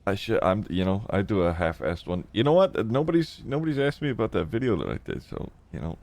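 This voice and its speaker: Low, gravelly male streamer in a game role-play; casual and sweary, pitch swings widely. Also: sing-song, fast talker, darkish tone. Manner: swears a lot, mutters thoughts aloud.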